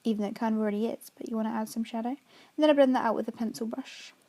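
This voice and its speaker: In a quick, chatty voice-over, a makeup artist walks through her tutorial, explaining every step. Her high voice has a dark tone and fairly even intonation as she moves along fast.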